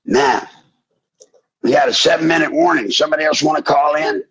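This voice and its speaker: An older man hosting a call-in radio show, preaching with fiery passion and rising to shouts. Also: fairly high pitch, a little fast, slightly rough. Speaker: radio talk show host. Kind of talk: impassioned call-in radio talk. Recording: dull lo-fi broadcast audio.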